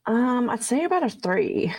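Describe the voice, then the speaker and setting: A woman's voice: fairly high pitch, animated, moderate pace, a little mellow, dry recording. A woman from Africa, chatting playfully as a podcast guest co-host. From South Africa. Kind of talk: casual chat.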